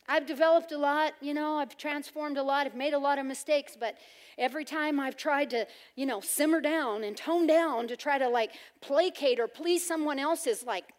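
A woman preaching a sermon, loud and emphatic with playful humor. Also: high-pitched, moderate pace.

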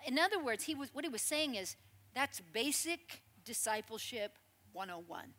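A woman preaching a sermon in a lively, conversational storytelling way, with frequent asides to the congregation. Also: fairly high pitch, normal speed, slightly rough.

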